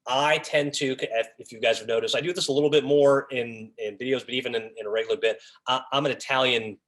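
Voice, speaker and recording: A man's voice: mid-range voice, fast. A man leading an officials' training session on a video call, talking casually and acting out what officials and coaches say. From raised by Long Islanders. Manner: animated, acts out lines of officials and coaches. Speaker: officiating instructor.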